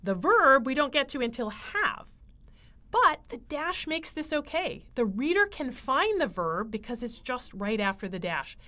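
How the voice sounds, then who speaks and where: A woman giving a writing lecture, explaining clearly with frequent fillers. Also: high voice, big pitch swings, unhurried, pushed and bright. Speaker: writing instructor.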